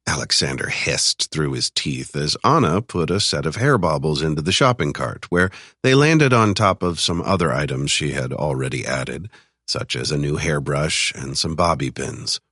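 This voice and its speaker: Male thriller narrator with an extremely deep voice, recorded in a dry studio. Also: expressive, normal speed, sharp tone, dry recording. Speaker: audiobook narrator.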